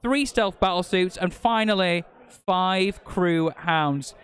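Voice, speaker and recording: A man's voice: high-pitched, slow pace, fairly bright tone, clean tone. A man co-commentating a live tabletop wargame stream, joking as he reels off army lists. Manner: jokey, reels off unit lists.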